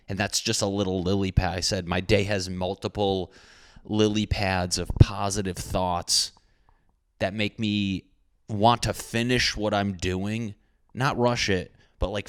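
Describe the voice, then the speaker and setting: A young man with a low, deep voice runs a casual solo podcast, riffing and ranting in a crude, jokey way full of swearing. The sound is dry and close, with no room echo. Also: smooth. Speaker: podcast host.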